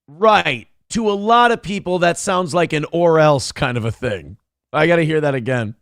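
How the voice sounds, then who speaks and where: Sarcastic male show host, lively pitch. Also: moderate pace, no echo, clean studio sound. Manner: sarcastic, mocking, laughing. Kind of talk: commenting on a viral video.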